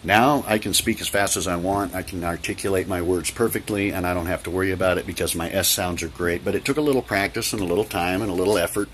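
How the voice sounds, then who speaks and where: A man's voice: deep voice, fast, hardly any pauses, a bit bright. A man vlogging casually by an open door while it rains, chatty and repetitive with many ums. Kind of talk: casual talk to camera. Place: indoors by an open door, rain outside. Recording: light rain noise behind. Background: rain.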